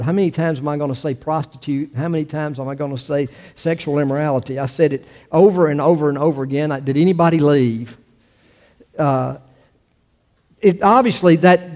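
A pastor giving a sermon, reading scripture with emphatic rises and then talking to the congregation with easy fillers. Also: male voice, on the high side, a little mellow, in a large hall.

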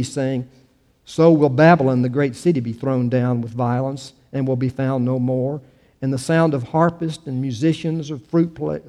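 A man's voice: a little high, mellow, big-room sound. Man preaching and reading scripture aloud. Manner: reads scripture with emphatic rises, then talks plainly with fillers. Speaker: pastor.

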